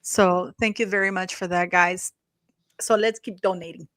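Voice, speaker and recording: A woman's voice: lowish voice, fairly even intonation, normal speed, fairly bright tone, no echo. A woman hosting a casual livestream, rambling and chatty with many restarts, thanking donors effusively. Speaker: livestream host.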